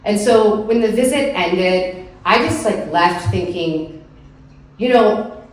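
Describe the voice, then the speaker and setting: A woman's voice: mid-range voice, lively intonation, takes it slowly. A woman telling a heartfelt personal story on stage at a live story slam, in an earnest way with frequent "like" fillers. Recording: echoey room, picked up from far off.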